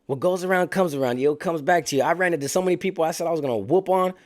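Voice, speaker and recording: A man recounts prison life in casual street slang, bringing the story to life by acting out what other people said. His voice is a little high and his delivery rapid-fire.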